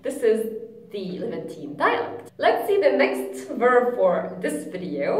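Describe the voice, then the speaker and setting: A woman teaching a language lesson, repeating each word slowly and clearly. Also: a little high, wildly swooping pitch, reverberant, slight background noise. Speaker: Arabic teacher.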